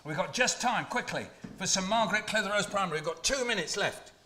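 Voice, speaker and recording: Brief: a playful poet host working a room of schoolchildren, slightly high voice, echoey hall. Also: male voice, fast talker. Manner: playful, jokey, animated, asks the children questions. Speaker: children's poet hosting a school poetry launch. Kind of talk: lively performance to schoolchildren.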